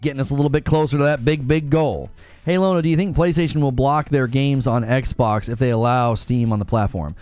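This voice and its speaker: A man's voice: medium pitch, brisk, clean tone, no echo, soft background music. A man hosting a live gaming news stream, chatting casually and reading out chat messages. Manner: casual, talks to chat, thanks donors excitedly.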